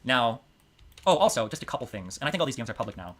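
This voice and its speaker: A male streamer delivers fast, emphatic commentary as he reads through court transcripts. He rattles through his sentences at a breakneck pace, his voice swinging widely from low mutters to sharp jumps. His tone is worked up and indignant. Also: big pitch swings. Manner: rapid, emphatic and indignant, voice jumping up when making a point.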